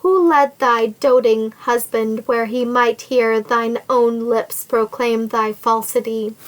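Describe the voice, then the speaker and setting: A woman's voice: a little high, fairly even intonation, slow, low-quality recording. A woman reading as a sneering, vengeful nobleman. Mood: menacing. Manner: sneering, menacing, archaic formal speech. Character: scheming, vengeful nobleman threatening a captive woman.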